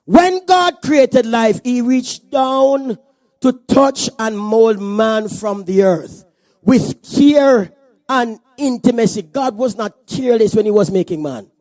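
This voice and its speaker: Brief: male pastor, very high voice, lively comic sermon delivery, dry close sound. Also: slow, no echo. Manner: animated, joking preacher. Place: church service.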